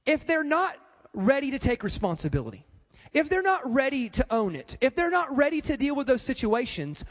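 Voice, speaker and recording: A man's voice: very high-pitched, big-room sound. A male pastor preaching a sermon in an emphatic, repetitive way, speaking straight to the congregation.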